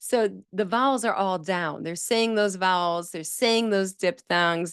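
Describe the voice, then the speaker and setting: A woman's voice: fairly low pitch, unhurried, clean tone, dry recording, clean studio sound. A woman hosting a speech therapy podcast, explaining in a conversational, emphatic way. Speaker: speech-language pathologist podcast host. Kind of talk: solo educational podcast talk.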